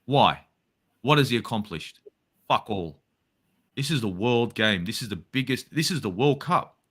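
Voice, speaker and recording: A man's voice: mid-range voice, animated, normal speed, fairly bright tone, husky. An Australian man, a football fan guest in a casual interview, ranting heatedly and swearing a lot.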